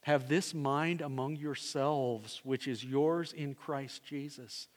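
A man preaching a sermon as pastor, swinging between loud emphasis and hushed, low phrases. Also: fairly even intonation, takes it slowly. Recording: long hall reverb.

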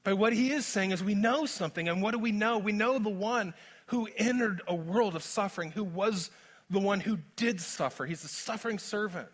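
A man whose voice sits high preaches as pastor at a moderate pace, animated and conversational, and pokes fun at himself along the way.

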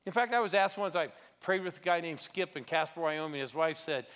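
Middle-aged male preacher, raised voice, swings from shouting to hushed, church sermon. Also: on the high side, fairly quick, hardly any pauses, smooth. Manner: preaching storyteller, swings between loud exhortation and hushed intensity. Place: church sanctuary.

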